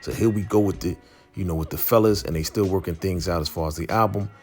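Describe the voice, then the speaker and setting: A man's voice: low-pitched, fast, darkish tone, faint music behind. A man casually recapping a TV episode in slangy storytelling, acting out the characters' lines. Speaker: YouTube show recapper.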